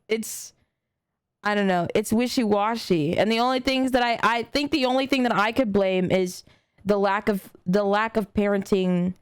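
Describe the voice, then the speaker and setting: A woman's voice: mid-range voice, clear, resonant tone, dry recording. A young adult woman streaming a reaction video, talking casually and earnestly to her chat with lots of slang, fillers and swearing. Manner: earnest, talks directly to chat.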